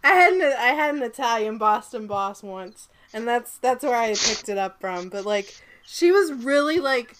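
A woman with a light Southern accent co-hosting a casual podcast, recapping a movie in an animated way and swearing often. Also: a little high, moderate pace, hardly any pauses, noisy background. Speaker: podcast co-host.

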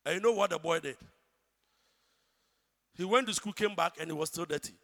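A man with a Ghanaian accent preaching a sermon, shouting one moment and hushed the next. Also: fairly high pitch, a little fast. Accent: Ghanaian English. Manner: dramatic, swings from shouting to hushed. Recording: church hall reverb.

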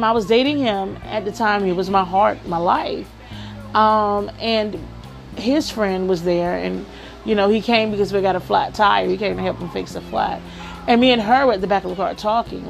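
Woman podcaster rambling through stories and advice, a bit of fry in her voice, soft music behind. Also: medium pitch. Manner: chatty storytelling, many "you know"s. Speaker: podcast host. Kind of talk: casual advice monologue.

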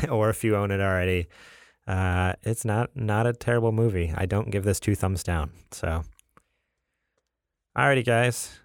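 Man, podcast co-host, gravelly, deepish, casual chat, dry sound. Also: no room sound. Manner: laid-back, laughing often, many fillers.

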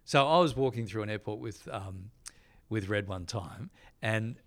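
A middle-aged Australian man, a TV host guesting on a podcast, telling lively anecdotes and acting out the people in them. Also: lowish voice, moderate pace. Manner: lively storyteller, acts out quotes.

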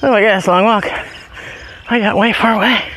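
A man chatting casually as he walks his dogs up a hilly road outdoors, a bit out of breath, now and then calling the dogs in a high sing-song voice. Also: fairly even intonation, moderate pace, pushed and bright, a little hiss or hum. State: out of breath from walking uphill. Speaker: podcast host. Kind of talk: casual walking vlog.

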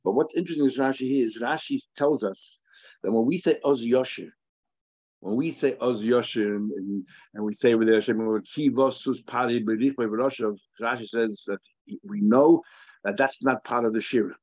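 A man teaches a Talmud page in a steady, mid-pitched voice. He thinks aloud and circles back over phrases, dropping Hebrew and Aramaic terms into his English. The recording is dry and slightly dull, close and without room sound. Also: normal speed, no echo. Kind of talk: daily Talmud class.

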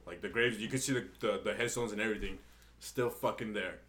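A man's voice: fairly low pitch, fast talker, fairly bright tone. A young man, a podcast co-host, telling a story in a casual, profane way.

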